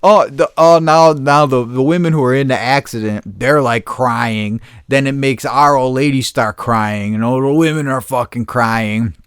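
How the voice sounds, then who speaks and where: A man's voice: medium pitch, moderate pace, few pauses, clean tone, no room sound, studio quality. A middle-aged man hosting a podcast, telling a story casually and profanely and laughing often. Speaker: podcast host.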